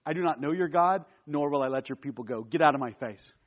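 A proud Egyptian pharaoh, curt and defiant, sends the petitioner away, voiced by a man in mid-sermon. His voice sits on the high side, and the recording is dull and lo-fi. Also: fast talker, natural voice.

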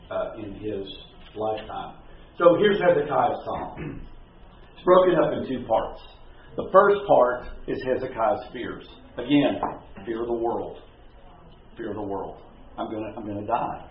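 A man teaching a Bible class in a conversational, halting way, full of fillers and restarts. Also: mid-range voice. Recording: distant, very echoey, phone-like room recording.

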